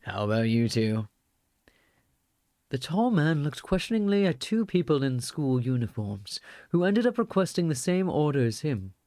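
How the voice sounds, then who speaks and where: A man's voice: on the high side, big pitch swings, moderate pace, hardly any pauses, mellow, no room sound, clean studio sound. A male streamer reading a visual novel aloud, mixing storytelling narration with casual asides.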